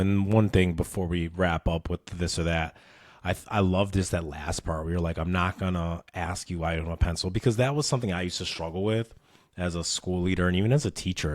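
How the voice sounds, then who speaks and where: Relaxed low-voiced male podcast host. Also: dry recording, studio quality. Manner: relaxed and conversational, laughs easily. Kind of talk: casual interview chat.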